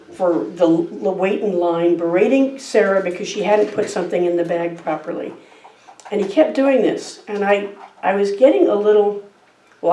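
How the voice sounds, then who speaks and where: A middle-aged guest speaker delivers a sermon in a church sanctuary, her medium-pitched, mellow voice sharing a personal story in a relaxed, conversational manner. A distant church microphone captures it with a roomy sound.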